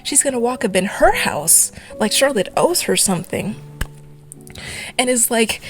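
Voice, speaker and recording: A young adult woman giving a fast, exasperated ranting commentary for a video essay. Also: fairly high pitch, big pitch swings, soft background music.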